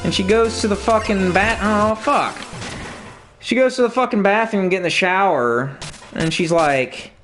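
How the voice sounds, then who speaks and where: A man's voice: high voice, moderate pace, fairly bright tone. A man ranting to his viewers in casual, profane talk, telling stories with mocking impressions. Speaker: streamer. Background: video game music.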